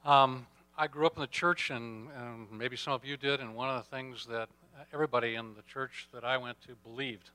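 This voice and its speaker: A church leader speaking in a measured, thoughtful way about faith and obedience, with some hesitations. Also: male voice, medium pitch, fairly even intonation, pushed and bright, smooth, no echo. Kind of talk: reflective talk on faith.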